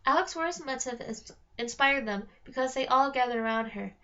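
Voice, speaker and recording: A woman reading a novel aloud in a steady storytelling manner, slowing on key phrases. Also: sits high. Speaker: reader. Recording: dull lo-fi recording.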